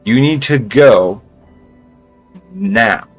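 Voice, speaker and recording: A man voicing a defiant young woman who coldly accuses someone, in a curt, flat delivery. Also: mid-range voice, very slow, breathy edge, soft background music, full character voice. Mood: accusing.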